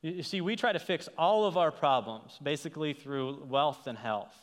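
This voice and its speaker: A man's voice: fairly high pitch, normal speed. Male pastor preaching in an echoing hall. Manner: conversational, stammering restarts, rhetorical "right?". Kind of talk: sermon. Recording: long hall reverb.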